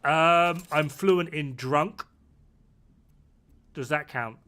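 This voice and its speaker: A man's voice: on the high side, very slow, pushed and bright. A man streaming a game, chatting casually and rambling, swearing freely as he plays. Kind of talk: casual chat while gaming.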